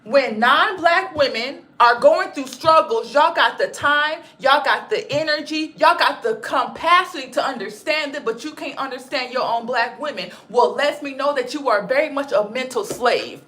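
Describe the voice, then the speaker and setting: A woman's voice: high-pitched, normal speed, hardly any pauses, pushed and bright. A woman hosting a commentary vlog, talking emphatically and with profanity, repeating her points for effect and calling her listeners "baby". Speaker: channel host.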